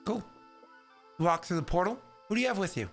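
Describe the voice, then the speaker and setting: Game master, chatty, laughing, self-mocking, voice call, mid pitch. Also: expressive, a little fast, faint music behind. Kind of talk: casual chat over a voice call.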